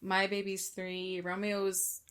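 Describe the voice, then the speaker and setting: A woman's voice: medium pitch, monotone, slow pace, fairly bright tone, clear, resonant tone. Emphatic young woman podcast co-host. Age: young adult. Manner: emphatic, repeats words, tearful moments. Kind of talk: casual chat.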